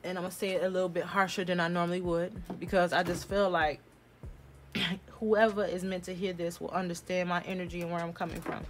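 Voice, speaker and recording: A woman giving a casual tarot reading at home, talking bluntly and forcefully, swearing freely as she addresses viewers directly. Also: lowish voice, flat delivery, brisk, a little hiss or hum. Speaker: tarot reader. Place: home room.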